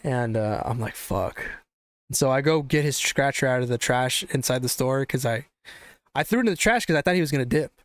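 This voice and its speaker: A man's voice: mid-range voice, fast talker, clean tone, no room sound, studio quality. A young man hosting a podcast, telling a story in a casual, profane, rambling way. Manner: profane, animated, rambling with restarts. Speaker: podcast host.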